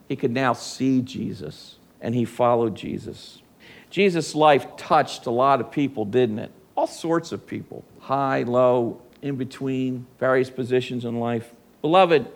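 A man's voice: mid-range voice, creaky. A man preaching a sermon in an earnest way, often asking his listeners rhetorical questions.

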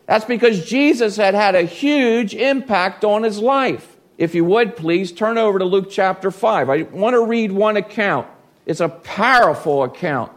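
A man's voice: high-pitched, a little slow. A man preaching a sermon as pastor, reading scripture and acting out quoted voices with big swings.

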